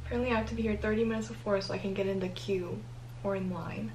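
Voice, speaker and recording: A teenage girl talking to camera in a casual vlog, anxious and excitable, with many exclamations. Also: mid-range voice, fast, a little hiss or hum, low-quality recording. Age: teens. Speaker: vlogger. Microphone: compact camera mic.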